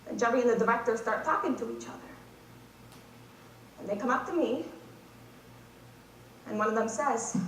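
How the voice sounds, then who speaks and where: A woman's voice: a little high, moderate pace, long pauses, a bit bright, a little hiss or hum. A teenage girl performing a competitive dramatic monologue in a wry, sardonic storytelling manner. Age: teens. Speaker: speech competitor. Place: competition stage in a large hall. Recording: echoey hall from far off.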